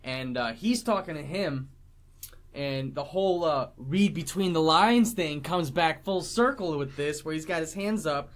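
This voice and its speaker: A man's voice: on the high side, unhurried. A man co-hosting a casual movie review podcast, recapping scenes in detail with jokes. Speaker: podcast co-host.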